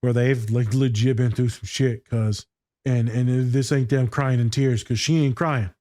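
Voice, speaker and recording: A man with a dark, mellow voice talks loosely and swears freely, sliding into stories from his own life. He is recorded close and dry, with almost no room sound. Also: medium pitch, steady tone, a little slow, no room sound. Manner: profane, slangy, storytelling. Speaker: podcast co-host and school therapist. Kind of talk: casual chat reacting to a TV scene.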